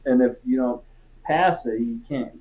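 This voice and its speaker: A man's voice: mid-range voice, unhurried, narrow, tinny audio. A man from Texas, a former Marine, telling stories in a casual interview in a laid-back, profane way. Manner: profane, laid-back, peppers talk with "dude" and "right?".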